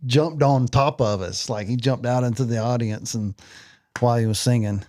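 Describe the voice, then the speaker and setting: A man's voice: medium pitch, normal speed, a little mellow, slight background noise. A man in his forties who is a guest on a casual chat, easygoing and chiming in with short agreements. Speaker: podcast guest.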